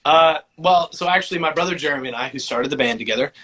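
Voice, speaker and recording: A man's voice: a little high, fast, pushed and bright. A young man, a voice actor and musician, talking in a laid-back, rambling way full of fillers during a casual interview.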